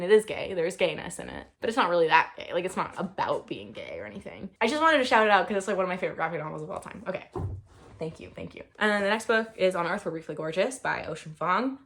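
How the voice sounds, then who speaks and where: A woman's voice: on the low side, a bit bright. A woman reviewing books in a casual, rambling chat, full of fillers and gushing enthusiasm. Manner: rambling, with many fillers and restarts. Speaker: book reviewer.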